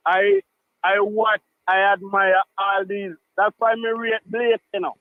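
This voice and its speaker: A Jamaican man calls in to a radio show, heard through a thin, phone-like line. His voice sits high, and he talks in an animated way, slipping into patois and repeating himself. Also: measured pace, no echo. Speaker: caller. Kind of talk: call-in radio chat. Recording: tinny phone line, dry.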